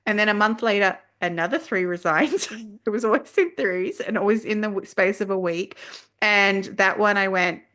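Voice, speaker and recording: A woman, a guest on a podcast, telling her story in a lively way and acting out what she said at the time. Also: lowish voice, moderate pace. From Australia. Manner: animated storyteller who acts out her own past lines. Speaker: guest, leadership coach. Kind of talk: casual podcast conversation.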